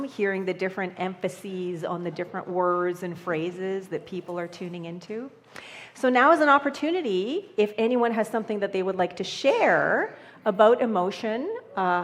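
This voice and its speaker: A woman minister leading a service, gently inviting the congregation to share. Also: medium pitch, long reverb tail. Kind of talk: leading a group sharing. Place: church hall.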